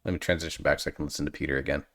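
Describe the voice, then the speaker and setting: A man's voice: rumbling low, fairly even intonation, very fast, a bit bright. A man hosting a reaction video, chatting casually and analytically and drifting off on tangents.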